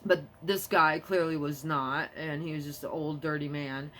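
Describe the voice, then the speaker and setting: A young adult woman talking to camera in a rambling casual monologue, jumping between topics and quick to get heated. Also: low voice, fairly even intonation, a bit bright, a little hiss or hum. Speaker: vlogger.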